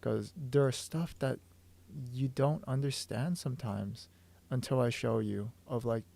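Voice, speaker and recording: A manga artist explains his drawing on a stream at a measured pace, his mid-range voice warm but hoarse since he's losing it. Eager as he thinks aloud, he often stumbles and restarts.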